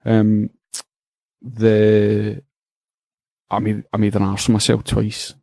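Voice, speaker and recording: A middle-aged Scottish man co-hosting a podcast, telling a funny story in an animated, profane way and laughing as he goes. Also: fairly low pitch, takes it slowly, creaky, no echo, studio quality. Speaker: podcast co-host. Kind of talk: casual storytelling chat.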